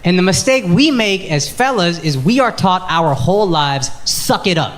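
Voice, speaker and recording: A man in his thirties doing stand-up comedy and crowd work, loud and animated, shouting his punchlines in put-on voices. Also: high voice, moderate pace. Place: comedy club stage before a laughing crowd. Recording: roomy live club sound with loud crowd noise.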